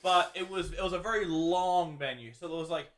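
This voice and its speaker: A young man hosting a podcast, telling tour stories in casual chat and breaking into loud laughing shouts. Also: on the high side, fairly quick. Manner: animated storyteller, bursts into loud laughing shouts. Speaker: podcast host.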